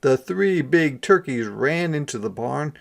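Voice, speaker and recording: Kindergarten read-aloud voice: expressive, unhurried, with gravelly edges and asides to the kids. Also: medium pitch. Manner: expressive reading with asides to young listeners. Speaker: kindergarten teacher. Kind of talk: interactive picture-book read-aloud.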